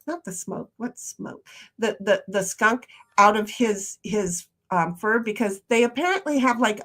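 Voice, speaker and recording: A woman streamer chatting casually while she plays, rambling and restarting her sentences. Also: medium pitch. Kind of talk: casual livestream chat.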